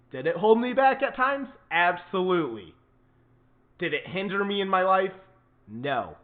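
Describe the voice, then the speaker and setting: Man, show host, political commentary, indignant, emphatic, high voice, tinny phone-like sound. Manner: indignant, emphatic, repeats for stress.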